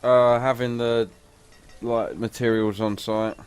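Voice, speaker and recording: A man making dry, laid-back remarks with soft chuckles while gaming with friends. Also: mid-range voice, flat delivery, slow pace, clean tone. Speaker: co-streamer. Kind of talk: casual gaming chat.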